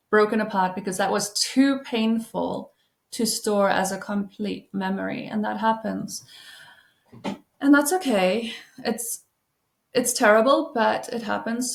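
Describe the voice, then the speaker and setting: A trauma-informed healing coach, a woman, leads the listener through slow, deep breaths in a soft, soothing, reassuring way, mixing in gentle self-help talk. Her mid-pitched voice carries a gravelly vocal fry, and the room echoes noticeably.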